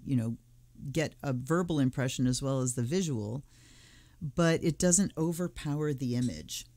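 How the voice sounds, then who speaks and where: This woman has a deep, warm voice recorded without echo. She hosts a tarot channel and muses casually to herself while unboxing a deck and flipping through the cards.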